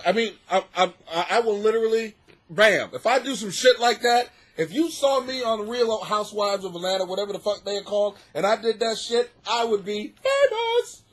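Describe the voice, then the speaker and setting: A high-voiced man with a husky, slightly breathy tone rambles through a comic monologue for his podcast. He swings his pitch all over, swearing freely and cracking himself up between bits. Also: brisk. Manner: animated, profane, laughs at his own jokes, acts out bits in a shrill voice. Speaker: comedian podcast host. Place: home basement.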